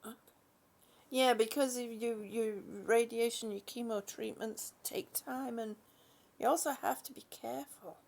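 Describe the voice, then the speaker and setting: A woman hosting a relaxed live chat from her home, greeting viewers by name, yawning, laughing and often losing her train of thought. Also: a little high, unhurried, vocal fry. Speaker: livestream host.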